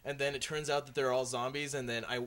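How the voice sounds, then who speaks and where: A man's voice: mid-range voice, level tone, fast talker, fairly bright tone. A man joining a podcast as a guest co-host, telling a story in a loose, laid-back way with slang. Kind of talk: casual podcast chat.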